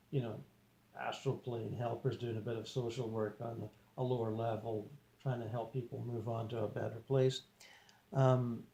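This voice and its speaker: A man recounting an out-of-body experience, talking in a hesitant, rambling way with many pauses and fillers. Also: medium pitch, gravelly, warm tone. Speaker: journal narrator. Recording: roomy echo.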